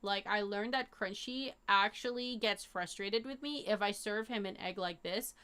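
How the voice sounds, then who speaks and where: A young woman streaming live, chatting casually with her viewers in a rambling, animated way full of fillers and slang. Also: medium pitch, normal speed, clear, resonant tone. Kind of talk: casual chat to a live chat audience.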